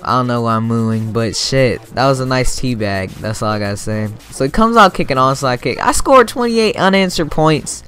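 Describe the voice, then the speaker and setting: A young man giving casual, excitable commentary over his own video game match, swearing freely and bursting into sudden yells. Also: mid-range voice, moderate pace, hardly any pauses, faint music behind. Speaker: gaming YouTuber.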